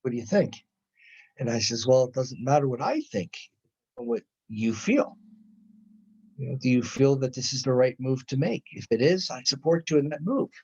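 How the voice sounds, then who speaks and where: Male lecturer, husky voice, storytelling style with quoted dialogue; muffled lo-fi recording. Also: medium pitch, normal speed. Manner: animated retelling with quoted dialogue.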